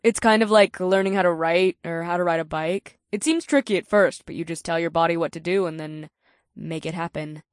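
A woman's voice: lowish voice, steady tone, brisk, no echo, studio quality, lightly acted. A woman playing a composed, self-assured witch in an audiobook, speaking matter-of-factly. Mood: coaching. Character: calm dark-haired woman witch, knowing and assured. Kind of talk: audiobook character voice.

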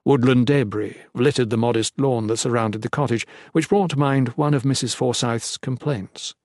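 A man reads a period novel aloud in a measured, descriptive manner. His voice sits at a middle pitch, and the recording is dry and close with no room sound. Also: a little mellow, dry recording. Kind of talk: audiobook narration.

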